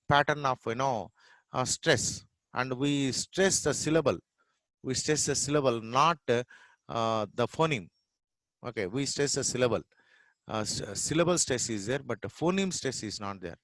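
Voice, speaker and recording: Indian English teacher, male, Telugu accent, dry close recording, repeats sounds patiently, mid-pitched voice. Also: animated, fairly bright tone, dry recording. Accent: Telugu-influenced Indian English. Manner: repeats sounds and words slowly to demonstrate, many fillers. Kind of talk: informal spoken lesson.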